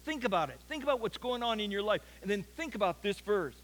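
Fast and animated, this pastor's high, somewhat bright voice carries his sermon. He tells earnest stories, often stumbling and starting his sentences over.

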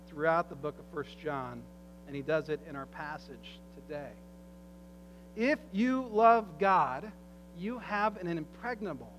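High-voiced man preaching in a reverberant hall. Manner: dramatic storytelling with voiced quotes, swinging loud and soft. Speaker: pastor. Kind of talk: sermon. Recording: faint mains hum, long hall reverb.

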